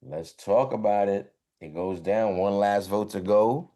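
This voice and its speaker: A man's voice: lowish voice, a little slow, mellow. A man hosting a casual hip-hop podcast, laughing often and calling for each vote. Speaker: host.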